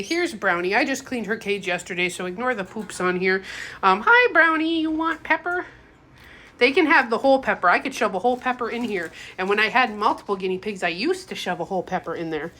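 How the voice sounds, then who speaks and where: A young woman chats her way through cooking in her home kitchen, quick and talkative. Her voice sits a little high and sounds bright. She rambles, pokes fun at herself, and wanders off topic without much fuss. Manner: rambling, chatty, self-deprecating, drifts off topic. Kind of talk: casual cooking vlog chat.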